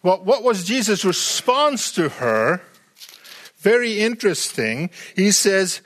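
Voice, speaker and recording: A man with a high-sitting voice preaches a sermon at a slow pace, animated and firing rhetorical questions at the congregation. He often repeats words as he restarts his sentences.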